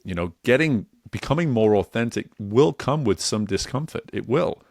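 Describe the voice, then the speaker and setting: A man's voice: medium pitch, animated, normal speed, a little mellow, no echo, clean studio sound. A man hosting a coaching podcast, asking thoughtful, searching questions in a conversational way. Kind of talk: conversational interview.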